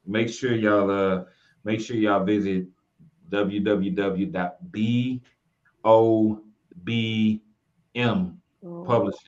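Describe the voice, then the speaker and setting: A man hosting a publishing show, joking and relaxed as he plugs the company website. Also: on the low side, a little hiss or hum. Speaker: show host. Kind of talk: casual promotional chat. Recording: dull lo-fi audio.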